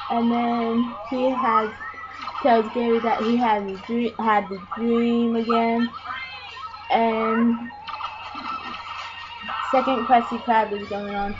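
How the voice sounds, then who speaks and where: A woman with a fairly high voice slowly recounts a film's story, stringing events together with "and then" and many ums. The recording sounds dull and lo-fi, with music clearly playing underneath. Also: flat delivery. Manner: rambling, chains clauses with "and then", frequent ums. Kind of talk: casual retelling of a film plot.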